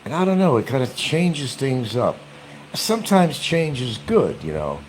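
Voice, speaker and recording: A man vlogging from a room in his home in casual chat, mocking and repeating his points slowly and deliberately. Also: medium pitch, very animated, a little hiss or hum.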